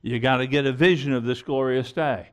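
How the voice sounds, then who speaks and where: A man's voice: medium pitch, steady tone, a little fast. A middle-aged man preaching a sermon in an earnest, emphatic way, repeating phrases and restarting sentences. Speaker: pastor.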